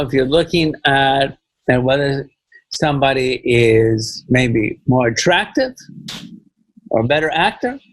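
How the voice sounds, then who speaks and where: Husky man, rambling director. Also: on the high side, dry recording, poor audio. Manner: rambling, repeats phrases, many "you know"s. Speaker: film director guest. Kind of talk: casual podcast interview.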